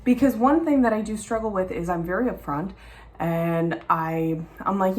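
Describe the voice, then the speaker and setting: A young woman, a mother, talking candidly and casually to camera at home in a chatty, animated way. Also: medium pitch, moderate pace. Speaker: mom vlogger. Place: at home, in the garden.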